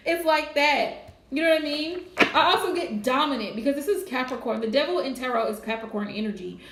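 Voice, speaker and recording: A woman's voice: fairly high pitch, expressive, moderate pace, creaky, roomy sound. A woman doing a live tarot reading, chatty and casual, laughing often. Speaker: tarot reader.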